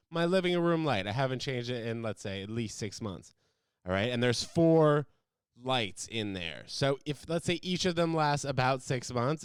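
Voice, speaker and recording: A man's voice: mid-range voice, smooth, dry recording, clean studio sound. A young American man hosting a casual solo podcast, rambling animatedly from topic to topic. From United States. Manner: animated, rambling, jumps into loud silly voices. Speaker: host.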